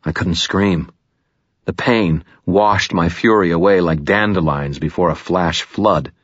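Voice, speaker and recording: Deep, husky male audiobook narrator. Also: measured pace, no room sound. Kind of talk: first-person novel narration. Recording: dull, dry studio sound.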